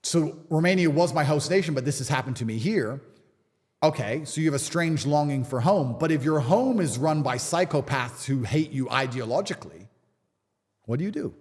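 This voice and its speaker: A man's voice: fairly high pitch, lively intonation, moderate pace, a little mellow, in a large hall. A man from England, a guest talking with emphatic, repetitive rhetoric in a podcast conversation. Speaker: interview guest.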